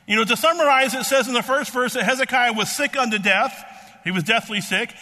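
A man preaching a sermon in a halting, repetitive way with many fillers, reading and explaining a Bible passage. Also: very high voice, bright, forceful tone, big-room sound.

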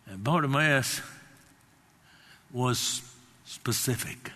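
An older man preaches a sermon in a large hall, his medium-pitched voice extremely slow and sharp in tone. He speaks emphatically, acts out quotes, and drifts into rambling personal anecdotes.

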